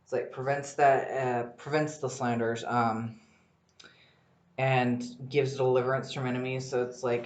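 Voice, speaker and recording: Going solo on a laid-back podcast, this man rambles with excitement and curses a lot, though he speaks unhurriedly. His voice sits at an everyday middle pitch in a clearly echoey room.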